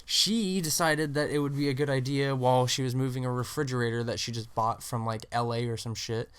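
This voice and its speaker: A young man from Southern California in his twenties shares a story on a friends' podcast. He talks in a middle pitch. He starts slowly, stumbling and restarting before he finds his thread. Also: fairly even intonation, fairly bright tone, clean tone. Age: 20s. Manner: hesitant, many fillers and restarts. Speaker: podcast co-host. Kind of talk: casual storytelling chat.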